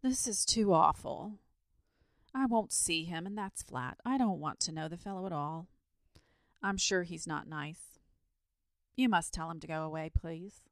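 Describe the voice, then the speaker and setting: A woman reading a storybook aloud, voicing a lazy, genteel dragon who speaks in a languid, unhurried way. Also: fairly low pitch, no room sound, clean studio sound. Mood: fretful.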